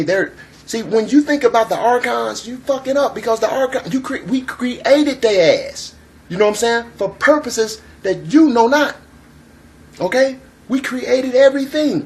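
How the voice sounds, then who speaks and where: A man giving a freewheeling spiritual monologue to camera, profane and emphatic, repeating phrases and using street slang. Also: very high voice. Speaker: spiritual vlogger.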